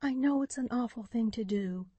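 A woman's voice: medium pitch, a little slow, mellow, no echo, pitched above the performer's own voice, natural voice. A woman voicing a determined, breathless young woman. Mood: urgent whisper. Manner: urgent, breathless pleading.

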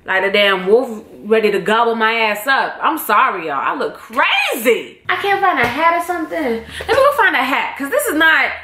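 A young woman vlogging from her home, her Jamaican-tinged accent running through a rambling, blunt, often profane chat. Her voice sits a little high and sounds crisp and forceful. The room around her rings with a clear echo. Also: sing-song, normal speed, hardly any pauses, a little hiss or hum. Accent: Jamaican-tinged English. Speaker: YouTuber. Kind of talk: casual direct-to-camera vlog. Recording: echoey room.

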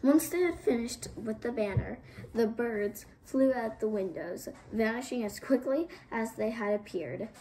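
A woman storyteller reading a novel aloud, expressive, with small slips and restarts. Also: on the high side, a little hiss or hum, low-quality recording.

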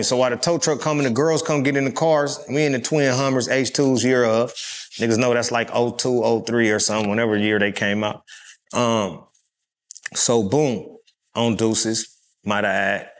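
A man's voice: mid-range voice, steady tone, moderate pace. Loose-talking middle-aged man from California. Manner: loose, profane street talk with frequent fillers. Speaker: rapper and interview guest. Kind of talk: casual storytelling interview.

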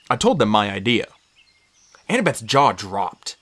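Expressive audiobook reader, voice jumps around a lot, first-person story. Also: medium pitch, a little slow.

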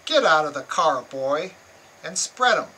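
A gruff, accusatory male police officer, as a man puts him on while reading aloud, snapping his orders in a raised, bright, forceful voice. His tone is condescending and sharp. A faint hiss sits under the reading. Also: a little high, animated, normal speed, low-quality recording. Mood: harsh. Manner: barking, accusatory.

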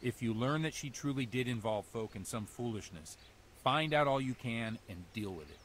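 An actor playing a worried, stern village priest in a video game, speaking in an earnest, preachy way. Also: male voice, mid-range voice, expressive, normal speed, a bit bright, slight background noise, lightly acted. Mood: instructing. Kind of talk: game character dialogue.

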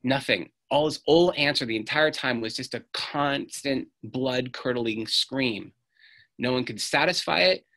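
A man's voice: mid-range voice, measured pace, bright, forceful tone. A middle-aged man giving an earnest storytelling talk on stage, acting out the voices he quotes. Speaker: speaker.

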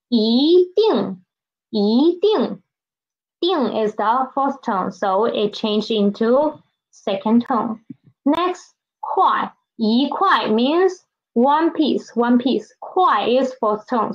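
A woman teaching a recorded Chinese language lesson, slow and patient, repeating each example and checking understanding. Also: a little high. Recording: dull lo-fi recording.

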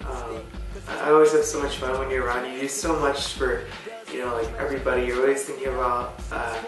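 A young man records a casual birthday video message for a friend, rambling and hesitant, frequently trailing off. His mid-range voice is level and fairly quick, heard from far away in a very echoey room with music playing.

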